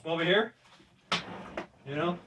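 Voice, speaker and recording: A somewhat high-pitched man in his sixties chats loosely as he works through a gym routine, breathing deeply between his words. He is picked up from across the room by a distant camera, with a faint hum of noise behind him. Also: a little slow. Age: 60s. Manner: chatty and loose, with repeated "right?" checks and soft laughs. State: breathing deeply during the workout. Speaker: fitness vlogger. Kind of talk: casual demonstration while exercising. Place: gym room among exercise machines.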